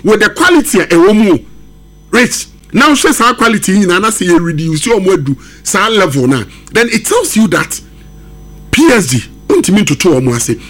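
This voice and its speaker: A man's voice: sits high, big pitch swings, moderate pace, fairly bright tone. A man giving emphatic football analysis on a sports radio show, switching between English and Twi. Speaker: football pundit.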